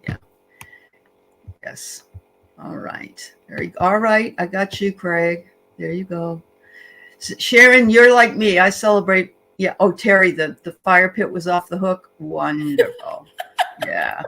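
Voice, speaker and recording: A woman's voice: on the low side, measured pace, a bit bright, low-quality recording. A woman co-hosting a casual livestream, greeting viewers by name in a chatty way with frequent fillers. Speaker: livestream co-host.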